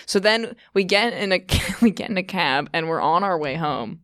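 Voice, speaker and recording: A woman's voice: lowish voice, lively intonation, normal speed, fairly bright tone, no echo, studio quality. A young woman guest on a podcast, a comedian telling a long rambling story in casual chat and laughing often. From England.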